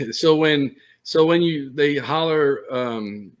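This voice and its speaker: A man hosting an interview, asking halting questions and searching for words with many fillers. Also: fairly high pitch. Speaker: host.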